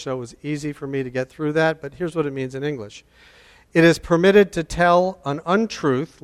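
Man preaching a sermon real slow, repeats his points, lots of hall echo. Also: on the high side, smooth. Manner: deliberate, repeats key phrases for emphasis.

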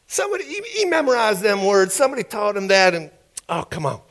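A man voicing scornful white poll officials in a story, pitched high above his own voice. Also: wildly swooping pitch, fast talker, fairly bright tone, heavily acted.

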